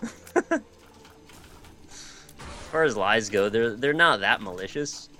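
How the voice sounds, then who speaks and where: A man's voice: lowish voice, animated, takes it slowly, sharp tone, a little hiss or hum. A man co-hosting a casual chat, teasing his friend and tossing out goofy suggestions.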